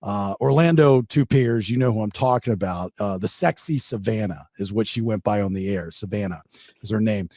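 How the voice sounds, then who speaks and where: A man hosting a podcast, telling a story in a casual, animated way and acting out the quotes. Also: on the low side, normal speed, no room sound, clean studio sound. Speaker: podcast host.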